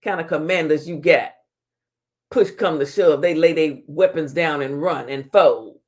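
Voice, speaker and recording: A woman whose voice sits low speaks unhurriedly while hosting a casual live-stream talk show. She reads out comments, trash-talks them playfully with a laugh, and leans on Southern slang like "honey" and "child."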